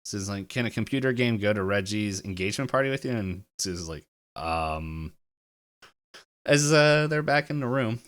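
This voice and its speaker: A man's voice: on the low side, animated, normal speed, a bit bright, smooth. A man co-hosting a podcast, casually recapping a cartoon episode in a rambling way and acting out the characters' lines, on a home computer mic. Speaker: podcast co-host.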